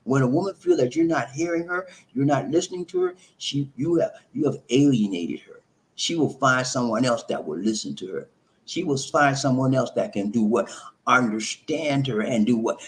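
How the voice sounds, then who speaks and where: A man's voice: mid-range voice, normal speed. A man giving relationship advice in an emphatic, preachy monologue, repeating himself and calling listeners "man".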